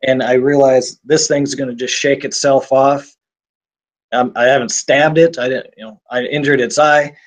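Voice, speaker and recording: A middle-aged man recounts a personal ordeal as an interview guest. He speaks intensely, stumbling and restarting his words, with a voice of ordinary middle pitch. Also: fairly even intonation, normal speed. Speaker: interview guest telling his survival story.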